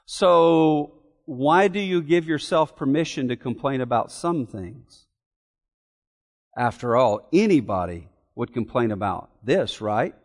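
A man's voice: medium pitch, long reverb tail. A man preaching an expository sermon in an earnest way, repeating key phrases and asking rhetorical questions. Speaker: pastor.

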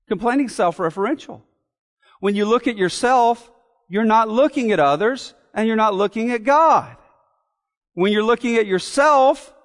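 A man's voice: very high voice, big-room sound. A man preaching an expository sermon in an earnest way, repeating key phrases and asking rhetorical questions. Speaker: pastor.

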